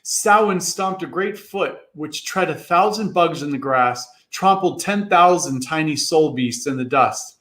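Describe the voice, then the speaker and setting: A man's voice: expressive, a little slow, few pauses, fairly bright tone. A man giving a theatrical reading of a classic story, jumping into character voices as he narrates. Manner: theatrical, voices characters with big pitch jumps. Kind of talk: dramatic reading of a classic novel. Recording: echoey room.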